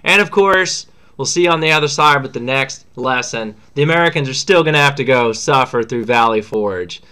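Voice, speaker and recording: A man's voice: mid-range voice, moderate pace, bright, forceful tone, clean tone. A man teaching a history lesson in a casual, slangy way, acting out what historical figures say. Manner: chatty, slangy, acts out quotes.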